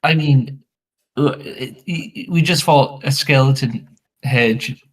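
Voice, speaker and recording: A man's voice: medium pitch, takes it slowly, distant mic, poor audio. A man playing in a tabletop game, stumbling over words as he talks. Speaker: player. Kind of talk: casual tabletop play.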